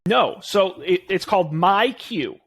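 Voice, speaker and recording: Higher-voiced man giving confident tech advice. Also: expressive, slow, a bit bright, breathy edge. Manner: confident, recommending. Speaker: podcast co-host. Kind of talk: casual tech chat.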